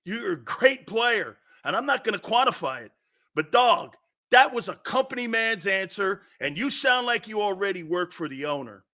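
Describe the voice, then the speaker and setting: A man's voice: high-pitched, bright, forceful tone. A middle-aged man hosting a sports talk show, ranting bluntly and profanely, repeating his point over and over. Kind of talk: opinionated sports talk rant.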